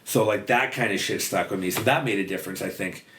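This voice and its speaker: A man's voice: lowish voice, fast talker, fairly bright tone, a little hiss or hum. A man telling his story as a podcast guest, blunt and swearing freely, with lots of fillers. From western Canada. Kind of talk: casual storytelling interview.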